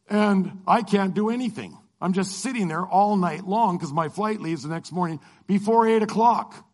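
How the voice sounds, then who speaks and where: Animated storytelling man, higher voice. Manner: animated, acts out the people he quotes. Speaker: speaker telling a personal story. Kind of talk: storytelling to an audience.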